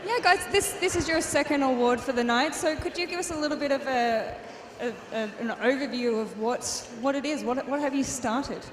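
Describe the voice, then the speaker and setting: A woman's voice: high-pitched, normal speed, hardly any pauses. A woman co-presenting an awards night, reading finalists and asking winners questions with some stumbling. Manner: hesitant, repeating words when improvising. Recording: echoey hall, busy crowd behind.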